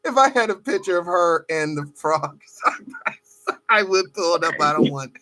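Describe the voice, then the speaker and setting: A man hosting a casual podcast, tossing in short replies and laughing easily. His voice is bright and sharp with a lively, bouncing pitch that sits somewhat high. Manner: laughs easily, quick interjections. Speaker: podcast host. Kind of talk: casual talk show chat.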